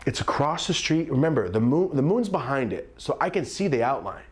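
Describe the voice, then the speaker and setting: A young man in his twenties, a comedian, telling a story with lots of energy, sometimes shouting out lines. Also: mid-range voice, normal speed, hardly any pauses. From California. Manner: animated, screams and shouts quoted lines.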